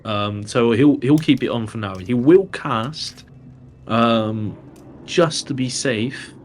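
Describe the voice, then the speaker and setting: A man at an ordinary pitch plays in a tabletop game. He describes his moves hesitantly, with frequent ums and pauses. A faint hiss runs underneath. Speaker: player. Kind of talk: casual tabletop chat.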